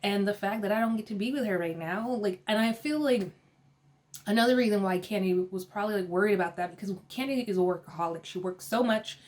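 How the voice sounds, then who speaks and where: A young adult woman casually recapping a reality TV episode, chatty and animated, laughing often and acting out quotes. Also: medium pitch, fast talker.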